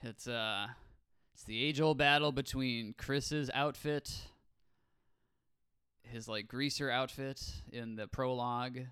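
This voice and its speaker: A man's voice: medium pitch, steady tone, slow pace, sharp tone, smooth. A man in his thirties co-hosting a casual movie review podcast, joking and rambling with frequent laughs. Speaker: podcast co-host.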